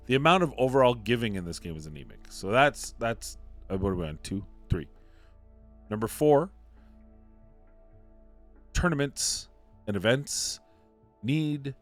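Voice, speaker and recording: A man's voice: mid-range voice, dry recording. A man giving opinionated commentary on a mobile game, emphatic and ranting, repeating points for emphasis. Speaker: mobile game content creator.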